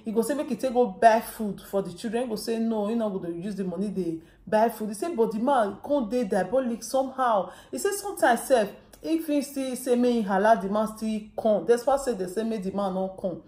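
A woman speaking with a Nigerian Pidgin accent tells a story in a casual vlog, slipping into the quoted lines of each person in it. Her voice is warm and mellow. The sound bounces around an echoey room. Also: on the high side. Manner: retells a story with quoted dialogue. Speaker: vlogger.

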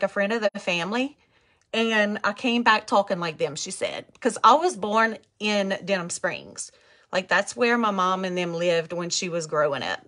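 Woman, thick Cajun accent, friendly live makeup vlogger, mid pitch. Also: pushed and bright. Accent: Cajun Louisiana. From Louisiana. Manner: chatty, talks to viewers, reads out comments. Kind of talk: chatty live makeup tutorial.

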